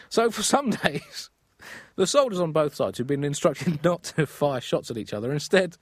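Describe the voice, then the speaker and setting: Host narrating comic history, fairly high voice, close dry sound. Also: male voice, very animated, moderate pace, no room sound. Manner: theatrical, gleeful delivery. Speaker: comedy podcast host. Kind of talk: comic storytelling.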